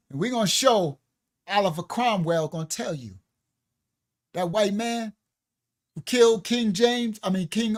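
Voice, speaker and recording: Slow, emphatic livestream preacher man. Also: sits high, fairly bright tone. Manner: emphatic, preachy, reading from books with laughing asides. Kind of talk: livestream teaching.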